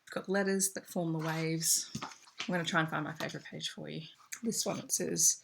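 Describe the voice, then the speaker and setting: A young Australian woman with a notably low voice chats enthusiastically about books she teaches with. She holds up pages as she goes. Faint noise sits under the recording. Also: fairly even intonation, moderate pace, vocal fry. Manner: chatty, enthusiastic, shows pages to camera. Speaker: teacher and book vlogger. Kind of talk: casual book haul chat.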